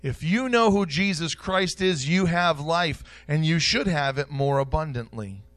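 Slow, emphatic preacher man. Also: a little high. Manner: emphatic, repeats key phrases, swings between loud and soft. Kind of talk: sermon. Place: church.

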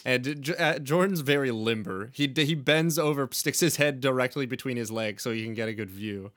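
A man's voice: mid-range voice, fairly quick, fairly bright tone, no echo. A man co-hosting a casual podcast, trading dry, teasing jokes and reading fanfiction aloud. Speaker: podcast co-host.

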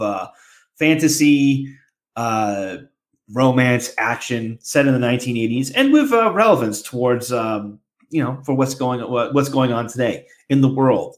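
A man hosting a podcast, making rambling announcements and chatting casually. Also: mid-range voice. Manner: rambling announcements with many fillers and restarts. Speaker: podcast host.

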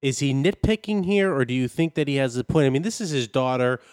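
A man's voice: medium pitch, lively intonation, fast talker, a little mellow, clean tone, dry recording, clean studio sound. A man co-hosting a comedy podcast, posing playfully as a mock-scholarly expert. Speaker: podcast co-host. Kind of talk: casual comedic banter.

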